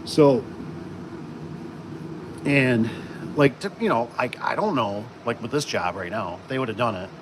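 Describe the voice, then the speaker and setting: A garage door installer hosts a casual livestream in a mid-pitched voice, rambling and circling back with fillers and restarts. He's expressive and measured, pausing often. An air conditioner hums and cars pass behind him, keeping the recording noisy throughout.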